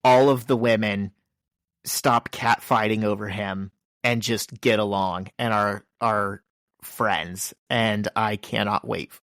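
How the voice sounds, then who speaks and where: A man's voice: lowish voice, fairly even intonation, takes it slowly, a bit bright, no room sound, studio quality. Man co-hosting a comic book podcast. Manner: joking, summarizes plot and reads out dialogue. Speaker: podcast co-host. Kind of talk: casual comic book discussion.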